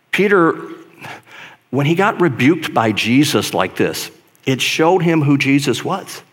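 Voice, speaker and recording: A man preaching a sermon in a conversational, emphatic way, dropping to a hush and then building to loud stress. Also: medium pitch, animated, measured pace. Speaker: pastor.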